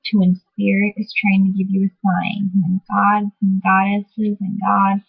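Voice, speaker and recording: A woman's voice: mid-range voice, completely flat delivery, a little slow, vocal fry, slightly rough, phone-quality sound. A woman explaining spiritual practices to her viewers in a casual, rambling way, full of fillers and self-corrections. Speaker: vlogger teaching divination. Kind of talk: casual explanatory talk to camera.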